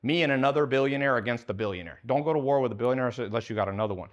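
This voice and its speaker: A man's voice: mid-range voice, very fast, lo-fi sound. A man giving a live talk to an audience, blunt and heavily profane, putting questions to the crowd and acting out the people in his stories. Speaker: speaker at a business seminar.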